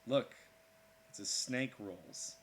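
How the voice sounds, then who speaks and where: A man's voice: lowish voice, slow, a little hiss or hum. A man hosting an art livestream, joking and talking through each step of his drawing. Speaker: art streamer. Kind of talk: casual livestream commentary while drawing.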